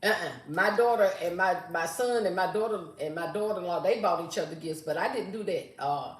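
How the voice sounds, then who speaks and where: A woman's voice: fairly low pitch, a little fast. Chatty older woman, roomy echo. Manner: chatty, sassy, reads viewer comments aloud. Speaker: live stream host. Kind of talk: casual live chat with viewers.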